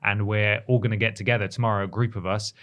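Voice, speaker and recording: A man's voice: fairly low pitch, fairly even intonation, fast, fairly bright tone. A man co-hosting a gaming podcast, talking in an easygoing, wry way. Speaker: podcast co-host. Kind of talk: casual chat.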